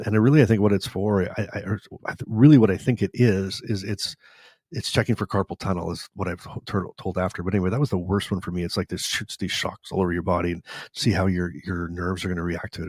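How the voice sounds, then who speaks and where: A man's voice: low voice, breathy edge, no echo, studio quality. A man in his forties from Canada, hosting a live Q&A and telling his story in a rambling way, correcting himself and laughing often. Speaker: host.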